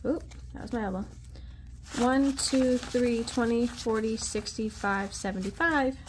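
A woman's voice: a little high, measured pace, a little hiss or hum. A woman vlogging at her desk at home, chatting casually while counting cash aloud under her breath with little asides. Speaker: budgeting vlogger.

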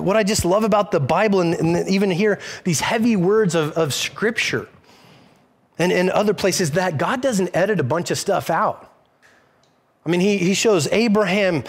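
Guy with a high voice preaching a sermon, chatty, keeps restarting and acting out little bits. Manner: conversational preaching with many restarts and acted-out asides. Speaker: pastor. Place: church service streamed online.

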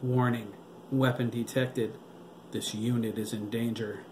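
A man voicing a military computer unit that announces targets and warnings in a flat tone. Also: medium pitch, a little slow, close to an everyday voice. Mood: mechanical. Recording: roomy with background noise.

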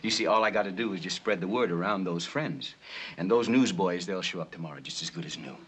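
An actor playing a smooth-talking gangster bootlegger who bargains in streetwise slang, in a 1960s film. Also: male voice, low voice, fast talker, a bit bright. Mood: wheedling.

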